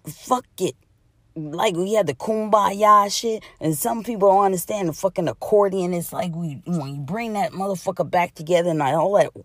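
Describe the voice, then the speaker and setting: A woman's voice: medium pitch, darkish tone, dry recording, clean studio sound. Woman ranting with heavy cursing. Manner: heavy cursing, emphatic and repetitive. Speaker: podcast host. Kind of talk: profane comedic rant.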